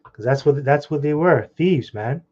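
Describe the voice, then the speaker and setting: A man's voice: a little high, animated, lo-fi sound. A man preaching online, reading scripture aloud and commenting with heated, scornful remarks and crude insults. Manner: reads scripture slowly, then comments fast.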